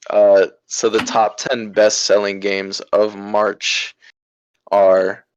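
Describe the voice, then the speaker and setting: A man's voice: fairly low pitch, flat delivery, extremely slow, lo-fi sound, a little hiss or hum. A young man co-hosting a casual podcast, laid-back, laughing often and filling gaps with ums. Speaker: podcast co-host. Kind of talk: casual chat.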